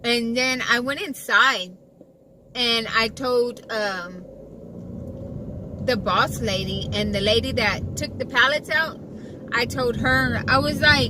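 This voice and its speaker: A woman's voice: a little high, slow. A woman telling a rambling storytime, full of likes and repeats. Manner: rambling, repeats herself, many likes and fillers. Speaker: vlogger. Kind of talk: casual storytime chat. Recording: distant mic, loud traffic noise.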